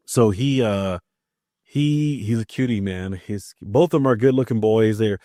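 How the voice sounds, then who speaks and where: A man from Maryland hosting a casual podcast, his voice sitting a little low. He tells family stories and slips into the voices of the people in them. The sound is dry and close, with no room echo. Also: a little slow, warm tone. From Maryland, USA. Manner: chatty storyteller who acts out family dialogue. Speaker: podcast host.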